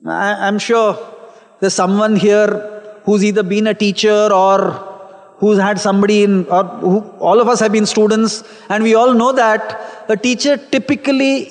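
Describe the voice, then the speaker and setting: Middle-aged man with a high voice, earnest and self-deprecating storyteller, in a reverberant hall. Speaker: teacher. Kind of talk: personal storytelling talk.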